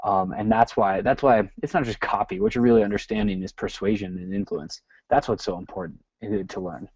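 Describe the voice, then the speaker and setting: A man's voice: fairly low pitch, fairly even intonation, brisk, a little mellow, slightly rough, dry recording. A man hosting an interview, earnestly sharing his views and steering the talk with questions. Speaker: interview host. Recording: muffled call audio.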